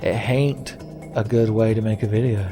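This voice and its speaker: A man's voice: lowish voice, steady tone, normal speed, over music. A man hosting a casual let's-play video, rambling with sarcastic, profane jokes. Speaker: gaming video host.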